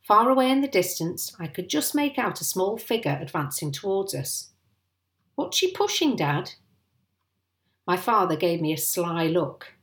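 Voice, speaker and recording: A woman reading a children's book aloud in an expressive, animated storytelling manner. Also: fairly low pitch, normal speed, few pauses. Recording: roomy echo.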